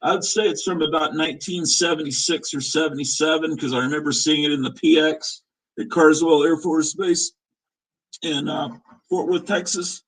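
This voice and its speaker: Husky rambling man in his fifties. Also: on the high side, steady tone, normal speed, fairly bright tone, poor audio. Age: 50s. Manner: rambling, opinionated, chuckles while reminiscing. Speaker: show host. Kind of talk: casual live-stream chat.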